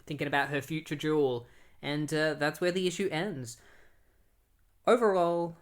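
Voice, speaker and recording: A man's voice: on the high side, unhurried. Laid-back man recapping a comic. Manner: loose and conversational, full of "like" and "um"; recaps the plot then gives blunt opinions. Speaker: comic book reviewer. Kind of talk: casual spoken review.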